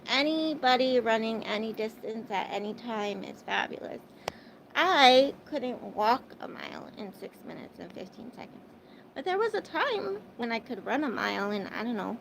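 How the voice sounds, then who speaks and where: A woman's voice: on the high side, vocal fry, a little hiss or hum, rough recording. A young adult woman hosting a livestream, chatting casually and rambling with lots of fillers, her accent a mix of types of English. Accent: mixed English. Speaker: livestream host. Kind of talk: casual livestream chat with viewers.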